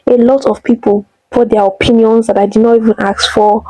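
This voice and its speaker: A woman's voice: on the high side, fairly even intonation, fast talker, hardly any pauses, warm tone, dry recording, poor audio. A young woman from Nigeria with a Nigerian accent, talking animatedly in a personal vlog, rambling with many fillers and exclamations. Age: young adult. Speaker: vlogger.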